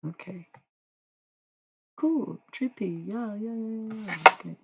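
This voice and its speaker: A woman's voice: mid-range voice, slow pace, pauses often, fairly bright tone, slightly rough, low-quality recording. A woman streaming live as a self-described medium, musing in a meandering way and often stopping to correct herself. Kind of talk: rambling livestream monologue.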